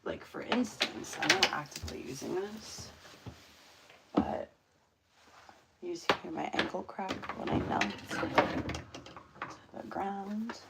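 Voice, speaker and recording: A woman's voice: medium pitch, slow, gravelly, long pauses, very noisy. A woman hosting a casual livestream just after waking up, rambling along with lots of fillers and restarts. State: just woke up. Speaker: livestream host. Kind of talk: casual chat. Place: home room.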